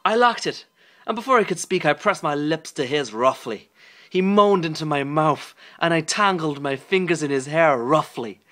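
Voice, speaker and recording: A man's voice: a little high, expressive, moderate pace, fairly bright tone. A man putting on a lustful young Irish singer. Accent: put-on Irish, poorly done. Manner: over-dramatic, stumbling reading. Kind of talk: comic reading aloud in character.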